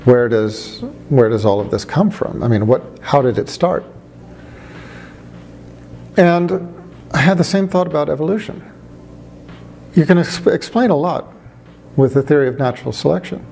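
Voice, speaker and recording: A middle-aged man, a former atheist doctor, making a measured argument with dry humor. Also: a little high, expressive, creaky, darkish tone, a little hiss or hum. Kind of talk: reflective monologue.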